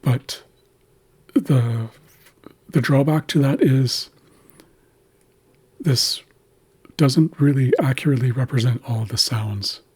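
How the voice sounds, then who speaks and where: A man patiently teaching how to pronounce words in an Indigenous language, slowly sounding out each syllable. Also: mid-range voice, a little mellow, slightly rough. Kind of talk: explaining pronunciation of an Indigenous language.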